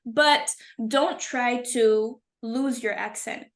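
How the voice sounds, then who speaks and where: Woman co-host, higher voice, really affirming and emphatic, chatting about accents. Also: slow pace. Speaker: co-host, Spanish and English teacher. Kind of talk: casual conversation.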